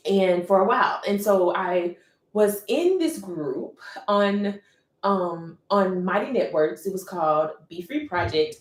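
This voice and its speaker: A woman's voice: mid-range voice, a little mellow. A young adult woman, an artist painting on a live stream, talking in an earnest, rambling way with many restarts. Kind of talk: casual heartfelt monologue. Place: room while painting on camera. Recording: echoey room.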